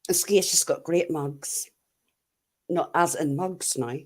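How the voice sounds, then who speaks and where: Irish lady on her livestream, lowish voice, chatty and blunt, laughs a lot. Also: a little slow, darkish tone. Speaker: YouTube livestream host. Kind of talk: casual chat reading live comments.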